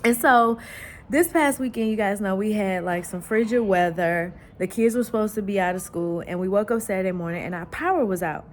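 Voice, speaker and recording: A woman talks through a faith story in a lively, heartfelt way, slipping into earnest prayer. Her voice sits at an ordinary middle pitch. A faint hiss runs underneath. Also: fairly quick. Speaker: faith vlogger and host. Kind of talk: casual devotional chat.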